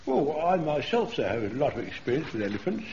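An eager old soldier who rambles on with over-keen stories. His voice is high and bouncy. The sound is a dull old broadcast with faint hiss. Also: big pitch swings, brisk, a little mellow. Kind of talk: 1970s radio sitcom acting.

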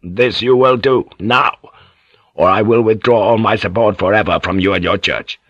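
Male narrator playing a deep-voiced, cunning warlord, measured and commanding. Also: a bit bright, dry recording, dull audio.

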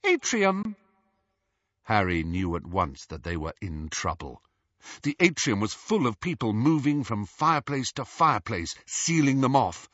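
A man narrating an audiobook with expressive storytelling. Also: fairly low pitch, normal speed, dry recording, highs cut off. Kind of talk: scripted narration.

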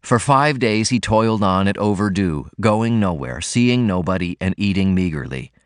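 A man reading a novel aloud as an audiobook narrator, in a measured, even manner. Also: low voice, dry recording, studio quality. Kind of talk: scripted narration.

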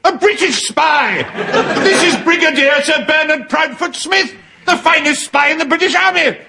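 An actor playing a blustering, pompous older army general who booms and shouts excitably. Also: male voice, normal speed, gravelly, heavy background noise, exaggerated voice. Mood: jovial. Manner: loud, booming, excitable.

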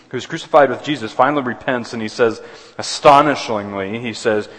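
A man's voice: medium pitch, brisk, a bit bright. A man preaching a sermon as pastor, earnest, often restarting and repeating words. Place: church sanctuary. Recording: long hall reverb.

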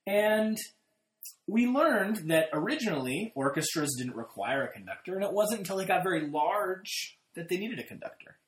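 A podcast co-host telling a story in casual chat, with an animated, sarcastic manner. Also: mid-range voice, normal speed. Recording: roomy echoey room.

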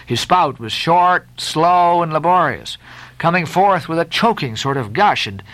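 A man reading a classic novel aloud, expressive with occasional halting fillers. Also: a little high, no room sound. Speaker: narrator. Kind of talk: audiobook narration.

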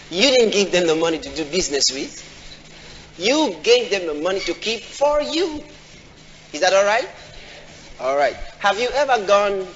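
A man preaching a sermon, often asking the congregation questions and acting out quoted voices in a high pitch. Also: fairly bright tone, a little hiss or hum. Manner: call-and-response questions to the congregation. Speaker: pastor. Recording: dull audio in a large reverberant hall.

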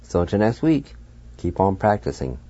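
A man hosting a radio language lesson, patiently spelling out words letter by letter and pronouncing each one slowly. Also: deep voice, very animated, mellow, highs cut off. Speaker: radio language teacher and host.

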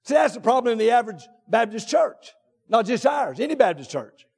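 A man preaching a sermon from the pulpit, emphatic, drawn out and repetitive, rising to shouts on his key points. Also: very high-pitched, big pitch swings, vocal fry, husky. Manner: drawn-out deliberate phrasing with repetitions. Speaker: pastor. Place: church sanctuary. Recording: long reverb of a large church hall.

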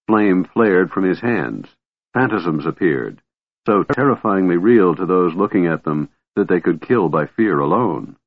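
Man reading a fantasy audiobook, deep and husky, dramatic, sounds tinny like a phone. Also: no echo. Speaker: audiobook narrator. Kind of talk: scripted fantasy narration.

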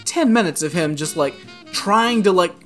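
Co-host, mid pitch, foul-mouthed animated storyteller, casual podcast chat. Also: normal speed, soft background music. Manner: profane, animated, peppered with "like".

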